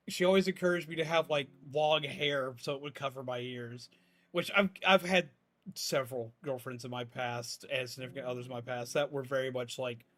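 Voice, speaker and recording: A male streamer using his raised, peppy streaming voice, pitched higher and pushed louder than his natural talk, chatting casually while he plays. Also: natural voice. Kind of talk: casual chat while gaming.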